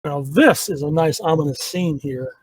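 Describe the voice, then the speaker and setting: Husky-voiced man telling trivia anecdotes. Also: fairly high pitch, normal speed. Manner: storytelling, anecdotal. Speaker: podcast co-host. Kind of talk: casual commentary with trivia anecdotes.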